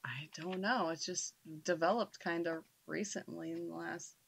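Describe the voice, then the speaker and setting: A woman guest on a radio show, animated and laughing often, with hiccups, telling paranormal stories in casual chat. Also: on the low side, moderate pace, gravelly, husky.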